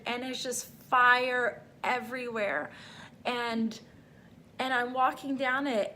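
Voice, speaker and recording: High-voiced woman sharing heartfelt faith testimony. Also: sharp tone, slight background noise. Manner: rambling, heartfelt, full of "like" fillers. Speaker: faith vlogger.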